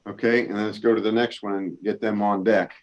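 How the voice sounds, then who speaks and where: A man's voice: on the low side, level tone, a little fast, dull audio. A man chairing an online committee meeting over a video call, informal and joking, now and then unsure how to run it.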